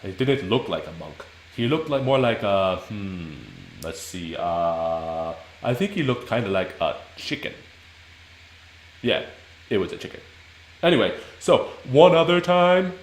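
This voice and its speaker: A man's voice: mid-range voice, echoey room, rough recording. A man voicing a boastful male monster who brags casually and rambles.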